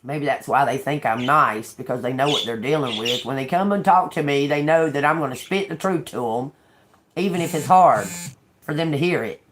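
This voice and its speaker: A woman's voice: sits low, moderate pace. A woman tarot reader talking in a casual, rambling monologue, blunt, sarcastic and full of swearing, laughing between remarks. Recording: noisy home recording.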